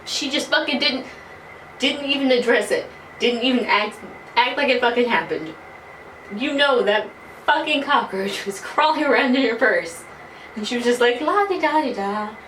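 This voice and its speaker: A woman's voice: on the high side, normal speed. Swearing young woman telling a story. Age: early 20s. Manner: animated, swears freely. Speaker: vlogger. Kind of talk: casual storytelling. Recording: roomy, from a distance, faint noise.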